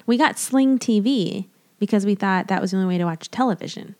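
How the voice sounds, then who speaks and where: A woman in her thirties chats with a friend on their podcast. She talks casually and enthusiastically, filling her sentences with "like" and quick asides. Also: medium pitch, a little mellow. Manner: chatty, enthusiastic, lots of "like". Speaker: podcast co-host. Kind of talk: casual chat. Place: traveling in an RV.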